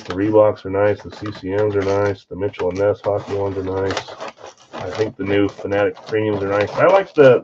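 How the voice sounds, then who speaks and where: A man's voice: on the low side, highs cut off, noisy background. A man hosting a live sports card break stream, chatting casually with viewers while he opens packs.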